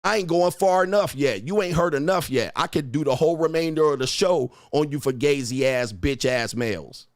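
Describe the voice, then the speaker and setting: A man hosting a livestream tears into his chat with a profane, insult-heavy rant, hammering the same taunts again and again. His voice sits fairly high for a man and is recorded dry and close. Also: moderate pace, hardly any pauses, no room sound. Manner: mocking, repeats taunts. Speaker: livestream host and dating coach. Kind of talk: ranting at live chat.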